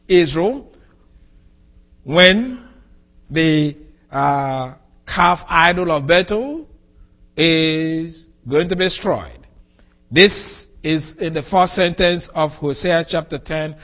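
Slow, deliberate man preaching a sermon. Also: sits high, a bit bright. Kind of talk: expository sermon.

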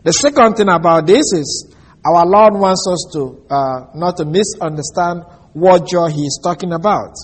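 A man preaching a sermon in a measured teaching manner, slowing down to stress key phrases. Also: high voice, lively intonation, husky.

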